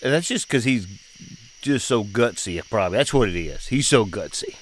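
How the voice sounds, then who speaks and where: A man's voice: lowish voice, expressive, moderate pace. Man, middle-aged, folksy drawl, storytelling, faint background hiss. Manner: folksy, drawling, laughs often. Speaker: podcast host, father. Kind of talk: casual storytelling chat.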